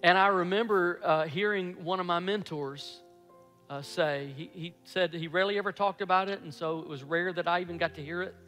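A pastor in his fifties telling a story in a sermon, animated and acting out his own past excitement. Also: sits high, a little fast. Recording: echoey hall with faint music.

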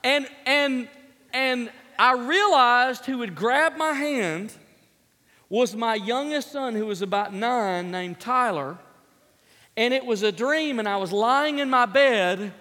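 High-voiced man preaching in a reverberant hall. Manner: animated storyteller, acts out sounds and voices. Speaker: pastor. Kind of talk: sermon with personal story.

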